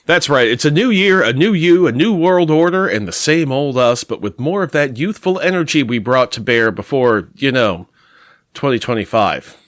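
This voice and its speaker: A man's voice: medium pitch, animated, normal speed, a bit bright, no room sound, clean studio sound. Jokey man hosting a comic podcast. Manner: jokey, playful asides. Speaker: podcast co-host. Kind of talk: casual comic book podcast chat.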